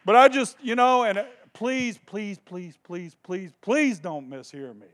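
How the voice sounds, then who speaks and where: Impassioned high-voiced male preacher. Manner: impassioned, swings from hushed to shouting; repeats phrases for emphasis. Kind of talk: sermon.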